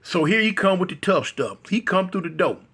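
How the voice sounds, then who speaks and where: A man telling a story in a casual, rambling way, full of fillers and repeats, getting animated at times. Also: high-pitched, a little fast, breathy edge.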